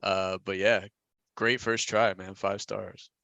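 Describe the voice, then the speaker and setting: A man co-hosting a podcast over a video call, talking in a relaxed, advising way with frequent restarts. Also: fairly low pitch, slow pace, gravelly, no echo. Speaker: podcast co-host. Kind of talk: casual podcast chat. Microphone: recorded over a video call.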